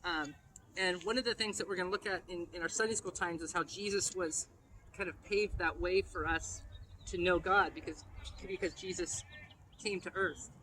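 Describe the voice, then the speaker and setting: A high-pitched man gives a playful children's message, quizzing the young listeners and joking with them. His voice sits well above the usual male range. The recording is noisy, with a steady hiss of room sound underneath. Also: normal speed. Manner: playful, asks kids questions. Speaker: pastor.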